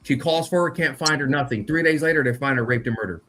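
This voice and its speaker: A man's voice: medium pitch, fast, a bit bright. A man telling a spooky story in a loose, profane, slang-heavy casual chat, talking directly to his co-host. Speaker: podcast co-host.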